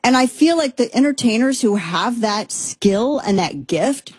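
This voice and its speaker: Husky, sarcastic woman commentator. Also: on the high side, measured pace, no room sound. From Texas, USA. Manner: animated, sarcastic, rambling with restarts. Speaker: commentary show host. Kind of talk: opinionated monologue commentary.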